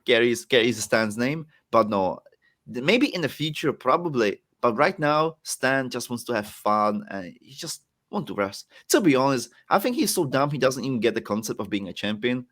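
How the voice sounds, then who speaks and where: A young man from the Czech Republic with a Czech accent, chatting casually as a podcast guest and laughing often. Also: moderate pace. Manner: animated, laughs often, swings between excited and low. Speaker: guest wrestler.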